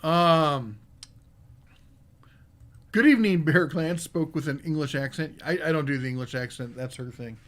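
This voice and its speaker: A man's voice: mid-range voice, steady tone, normal speed, hardly any pauses, a bit bright. A man hosting a live podcast about tools, reading viewer comments aloud and answering them in a casual, rambling way. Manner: casual and rambling, with many fillers. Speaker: podcast host.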